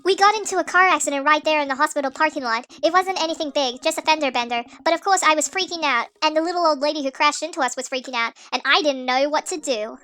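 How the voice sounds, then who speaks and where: A woman's voice: high voice, quick pace, few pauses, pushed and bright. A woman reading a game's widowed middle-aged dad who cracks corny jokes and slips into a hammy announcer voice. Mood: wistful.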